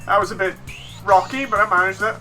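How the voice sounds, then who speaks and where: A woman streaming a game, chatting casually with her viewers and reading their chat messages out loud. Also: medium pitch, fast. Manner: reads chat messages aloud, chatty and laughing. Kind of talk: casual gameplay stream commentary. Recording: faint game music behind.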